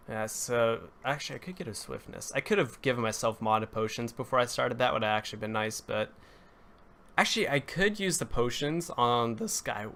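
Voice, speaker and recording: With a medium-pitched, fairly bright voice, a young man offers casual commentary as he builds on a live stream. He greets viewers and talks to chat, rambling and correcting himself, and his voice occasionally cracks.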